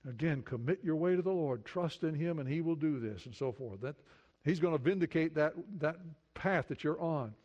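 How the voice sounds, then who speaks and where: A middle-aged male pastor preaching a sermon earnestly, moving between hushed prayerful passages and emphatic points. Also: a little high, animated, normal speed, muffled recording.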